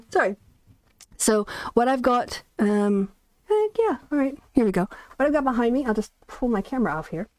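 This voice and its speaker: A woman's voice: on the high side, sing-song, unhurried, pauses often, a little mellow, no room sound. Host: chatty, rambling woman in a dry, soundproofed bedroom. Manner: chatty, rambling, laughs often. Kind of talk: casual livestream chat. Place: bedroom, sitting on bed. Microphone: soundproofed desk mic.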